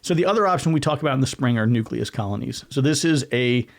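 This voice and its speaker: Male podcast host, casual solo talk, rambling and self-correcting, middle pitch. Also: expressive, quick pace, creaky. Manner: gestures with hands while talking.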